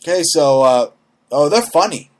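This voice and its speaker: Man, somewhat high voice, brash mocking podcast rant, constant "okay?", profane. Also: animated, normal speed. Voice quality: brash, mocking, swears freely. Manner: repeats "okay?" and restarts often, mocks voices in quotes. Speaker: host. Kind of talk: profane comedic political rant.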